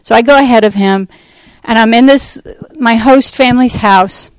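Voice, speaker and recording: A woman giving a personal faith testimony to a church audience, telling her story in a rambling, animated way and acting out what people said. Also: fairly high pitch, normal speed, clear, resonant tone, dry recording, poor audio. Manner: animated storytelling that acts out quoted speech; rambling, with fillers and restarts. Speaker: Christian ministry speaker.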